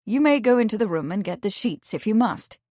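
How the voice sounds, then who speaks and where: Woman reading a kindly gentleman, measured and calm, dry close sound. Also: medium pitch, no echo, lightly acted.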